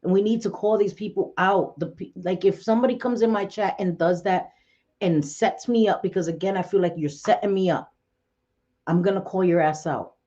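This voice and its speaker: A woman hosting a casual livestream chat, talking bluntly and excitably, cursing and laughing often. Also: medium pitch, normal speed, dull audio. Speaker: livestream host.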